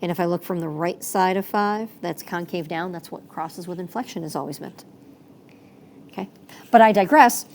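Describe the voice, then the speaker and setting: In a fairly high, slightly mellow voice, a woman teaches a math lesson with a chatty, playful style. She corrects herself along the way and adds playful sound effects.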